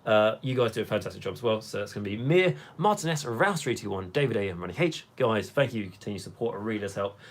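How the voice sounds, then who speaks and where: A man's voice: fairly low pitch, expressive, fast talker, hardly any pauses. Rambling young man chatting on a live stream. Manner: rambling, chatty, many fillers. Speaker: hobby streamer. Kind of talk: casual live-stream chat.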